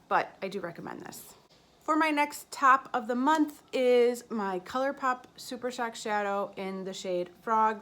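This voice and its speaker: A woman's voice: medium pitch, fairly bright tone. A woman beauty vlogger giving a casual, chatty monthly favorites review, meandering and enthusiastic as she recommends products.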